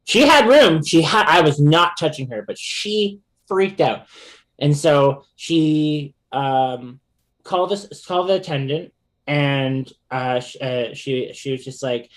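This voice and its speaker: A man who is a podcast guest, telling a personal story in casual chat, animated and often laughing, with many fillers and restarts. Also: on the high side, slow pace.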